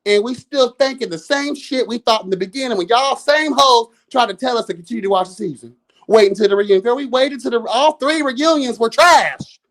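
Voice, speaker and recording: A man's voice: very high-pitched, brisk, fairly bright tone. A man in his thirties, a reality show commentator, giving a profane, sassy, exasperated rant on a live review and calling his listeners girl and y'all. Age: 30s.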